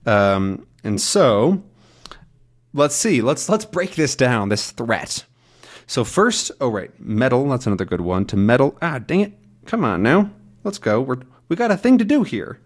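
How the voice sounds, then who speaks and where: A man teaching English by reading a comic aloud, explaining words in a chatty, animated way. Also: mid-range voice, measured pace. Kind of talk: comic read-along lesson.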